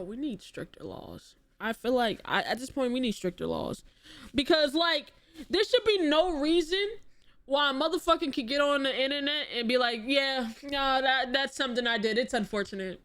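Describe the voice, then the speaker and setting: Animated swearing woman streamer. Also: sits high, a little slow, pauses often. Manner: animated, exclaiming, swearing, rhetorical questions. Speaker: streamer reacting to a video. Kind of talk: casual live-stream reaction.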